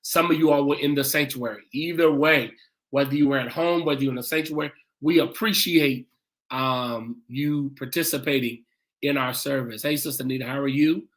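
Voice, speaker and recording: A pastor hosting a church livestream, greeting viewers by name and repeating "come on in" in a casual, welcoming way. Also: male voice, medium pitch, moderate pace, a bit bright.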